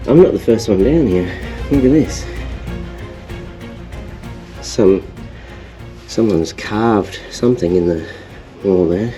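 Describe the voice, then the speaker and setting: A young Australian man vlogging as he explores inside a cave, excited and exclaiming often, recorded on an action camera. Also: deep voice, unhurried, pauses often, faint music behind. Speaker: outdoor adventure vlogger. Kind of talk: casual exploring commentary.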